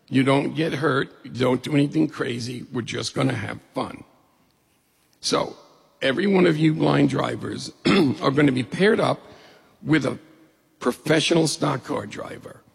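Husky, gravelly middle-aged male storyteller, comic timing, from upstate New York. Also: medium pitch. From New York State. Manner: lively, humorous, acts out quoted voices. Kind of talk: personal story told to an audience. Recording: long hall reverb.

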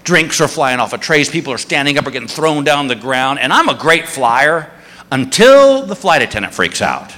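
A man's voice: medium pitch, moderate pace, big-room sound. A man doing stand-up, telling a story and acting out the people in it. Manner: animated, acts out voices of people in the story. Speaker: stand-up comedian.

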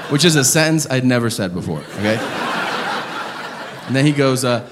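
A man performing a stand-up comedy set, telling a story loudly and incredulously and shouting out the lines he acts out, on a club stage with the audience laughing. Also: mid-range voice, animated, fast talker. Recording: reverberant live venue with crowd noise.

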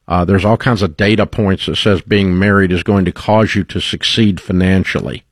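Man, lowish voice, blunt and emphatic, call-in advice host, dry close sound. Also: fairly even intonation, moderate pace, no echo. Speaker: radio show host giving money advice.

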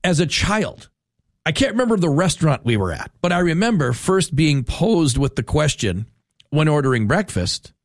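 Talk radio host, man, rambling and lively, dry close studio sound. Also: on the high side, normal speed, no room sound. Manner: rambling, animated, self-interrupting. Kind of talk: casual talk radio rant.

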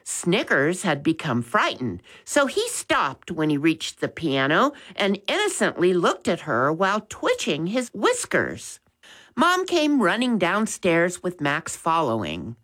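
A woman reads a children's storybook aloud in a gentle, expressive way. Her pitch rises and falls a great deal, and she takes her time. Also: slow pace. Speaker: narrator. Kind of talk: storybook reading.

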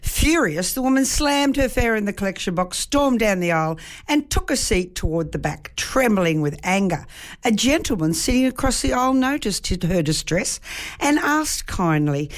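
A woman radio host telling a joke on a morning show in a lively storytelling manner. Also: mid-range voice, moderate pace.

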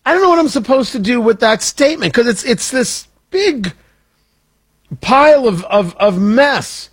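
Husky, animated male political commentator. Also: very high voice, normal speed. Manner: emphatic, combative, ranting. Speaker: political commentary show host.

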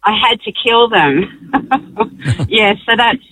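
A woman calling a radio show, telling a story hesitantly with many pauses. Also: fairly high pitch, distant mic, crowd noise, rough recording. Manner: hesitant, lots of ums. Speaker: caller.

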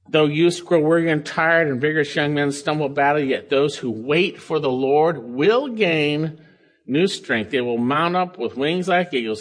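A male pastor delivering a verse-by-verse sermon in a somewhat higher voice. He leans hard on key words, jumps up in pitch for emphasis, then drops into quiet, low asides. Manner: emphatic, swings between high stresses and low asides. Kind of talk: expository sermon.

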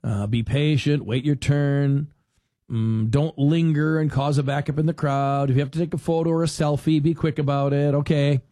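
A rambling, animated male talk host with a fairly high voice, telling stories and acting out quotes. His voice sounds dry and close, with no room around it. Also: moderate pace, dry recording. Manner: animated storyteller who acts out quotes; rambling with restarts. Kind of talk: casual chatty monologue.

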